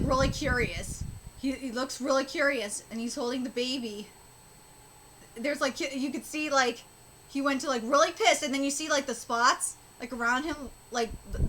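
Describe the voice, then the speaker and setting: A woman streaming a live manga reaction, reading aloud and talking excitably, swearing and stammering as she goes. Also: high voice. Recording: steady background noise.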